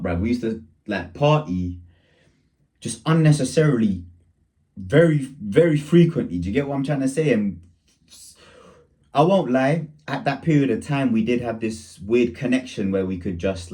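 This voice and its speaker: A man's voice: mid-range voice, lively intonation, moderate pace, mellow. A young man telling a rambling, slang-heavy story in a casual storytime.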